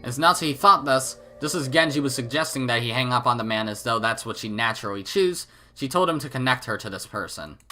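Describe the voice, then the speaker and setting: A man narrates a visual novel in a lively, animated voice with bright, forceful delivery. Faint game music plays behind him. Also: mid-range voice, fairly quick, few pauses. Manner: expressive, animated reading. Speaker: let's play narrator. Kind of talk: reading a visual novel aloud with commentary.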